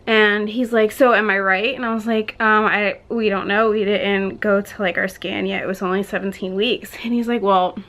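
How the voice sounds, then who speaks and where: A woman's voice: mid-range voice, little pitch movement, moderate pace, hardly any pauses, a bit bright. A young woman vlogging to camera, telling a story in a chatty, rambling way with lots of "like" and restarts, laughing often between words and a little out of breath.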